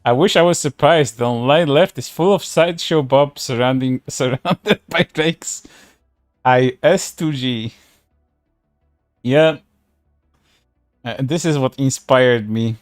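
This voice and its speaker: A man's voice: mid-range voice, measured pace, pauses often, no echo, clean studio sound, faint music behind. A man streaming casual commentary, reading posts aloud in a sarcastic way, laughing and swearing often.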